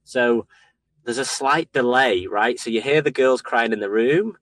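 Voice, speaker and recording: A young man co-hosting a podcast, telling sweary, animated stories about parenting in casual chat. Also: medium pitch, a little slow, dry recording. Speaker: podcast co-host.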